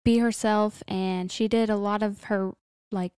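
A woman's voice: mid-range voice, fairly even intonation, a little slow, darkish tone, clean tone, no room sound, clean studio sound. A young woman co-hosting a casual book-review podcast, earnest and a little shy. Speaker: podcast co-host.

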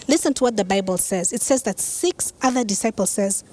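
A woman pastor preaching a sermon who tells the story in a lively, conversational way with casual asides. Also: medium pitch, fairly quick, few pauses. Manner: animated storytelling, acts out quoted lines.

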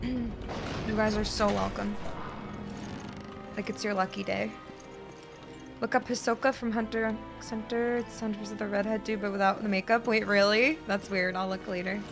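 A woman's voice: medium pitch, fairly even intonation, normal speed, gravelly, long pauses, music in the background. A woman streaming a video game, chatting casually with her viewers, laughing and swearing as her voice gives out. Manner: chatty, laughs a lot, swears, talks to chat. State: losing her voice. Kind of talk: casual live-stream commentary.

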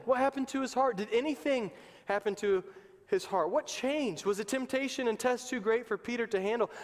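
A male pastor preaching a sermon in an emphatic, conversational way, in a church sanctuary. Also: high voice. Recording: long reverb of a church hall.

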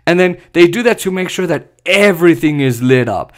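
A man's voice: a little high, animated, brisk. A man hosting a solo podcast, giving heated, sarcastic political commentary and mocking the people he criticizes. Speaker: podcast host.

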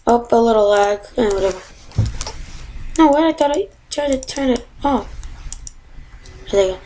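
Woman gamer, fairly high voice, exasperated and excitable commentary, faint room hum behind. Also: normal speed, rough recording. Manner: exasperated, excitable, yelps and gasps. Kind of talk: casual gameplay commentary. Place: home.

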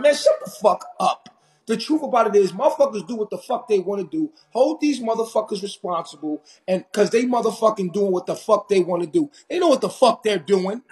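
A man from Harlem with a New York accent, ranting intensely and confrontationally on a live stream, loud and in your face. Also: sits high, lively intonation, fairly quick. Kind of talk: heated live stream rant.

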